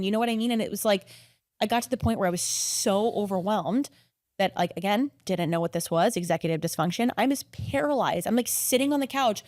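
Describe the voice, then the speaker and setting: Fast-talking chatty woman guest. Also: mid-range voice, no echo, clean studio sound. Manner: rapid, animated, filler-heavy with many "like"s. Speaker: podcast guest. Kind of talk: casual conversational storytelling.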